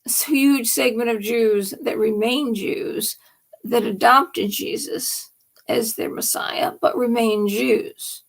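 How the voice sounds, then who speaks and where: A woman's voice: a little high, fairly even intonation, slow pace, vocal fry. A woman hosting a late-night live stream, talking through politics and faith in a rambling, emphatic monologue that often drops to a whisper.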